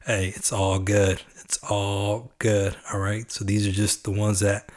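A man from Texas talks through his podcast in an easy, chatty way, clearly excited about the songs he plays. His voice sits low and stays fairly level, without much rise and fall. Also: measured pace. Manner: relaxed, chatty, enthusiastic about the music. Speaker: podcast host. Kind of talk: casual podcast commentary on songs.

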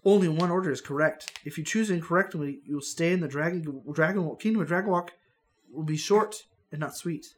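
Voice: mid-range voice, brisk, lightly acted. A podcast host reading out the lines of an old male wizard guide in a storybook, close to their own voice with a light mocking lilt. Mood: urgent.

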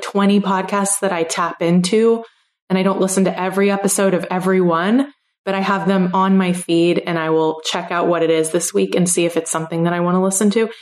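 A woman hosting a podcast, thinking aloud in a relaxed interview with many fillers. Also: medium pitch, reverberant. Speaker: podcast host. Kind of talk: casual interview chat.

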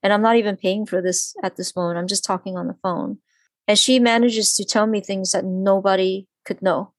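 Animated woman telling a personal story. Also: mid-range voice, a little fast, dry recording. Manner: animated, acts out quoted voices, lots of "like". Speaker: guest.

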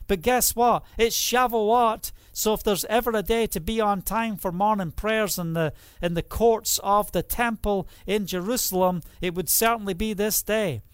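A man's voice: sits high, normal speed, few pauses, clear, resonant tone, no echo, clean studio sound. A man preaching a sermon, putting rhetorical questions to his listeners.

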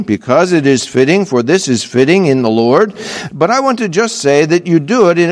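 Slow, lively-pitched male pastor preaching. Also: long reverb tail. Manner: earnest, emphatic preaching with asides. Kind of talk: sermon. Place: church pulpit.

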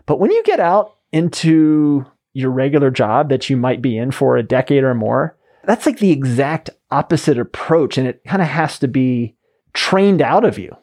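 A man hosting a podcast, talking casually and telling quick stories. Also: mid-range voice, animated, a little mellow. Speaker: podcast host. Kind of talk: podcast conversation.

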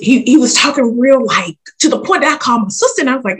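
A woman casually telling a story in an animated, emphatic way. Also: a little high, fast talker, few pauses, slightly rough. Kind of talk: casual chat.

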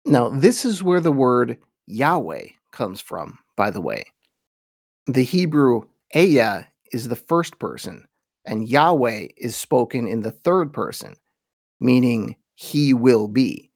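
A man of middle pitch gives a relaxed, thoughtful lecture, reading scripture passages slowly and deliberately. His voice sits close and dry, with no room sound around it. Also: creaky, dry recording. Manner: thoughtful, slows down to read quotations with weight. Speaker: podcast host teaching religious history. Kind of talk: informal lecture with read-aloud quotations.

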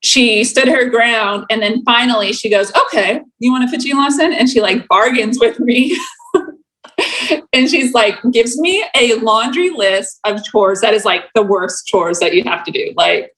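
A young woman with a slightly high, a bit bright voice tells a personal story in casual chat at a measured pace. She's chatty, laughs often, and fills her talk with "like", on a low-quality recording.

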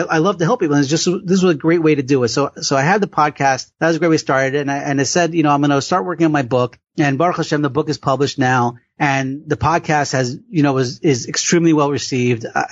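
A man's voice: on the high side, dry recording, lo-fi sound. A man who hosts a podcast and wrote a book, talking in a casual interview, rambling with many restarts and fillers. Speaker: podcast host and author.

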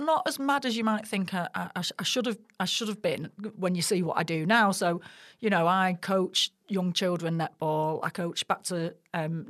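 A woman in her forties from Manchester talks in a broad Mancunian accent. She chats as a podcast guest and tells her stories with animation. Her voice sits a little low, and she often pokes fun at herself. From Manchester, England. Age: 40s. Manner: chatty, animated storyteller with self-deprecating humour. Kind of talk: casual interview chat.

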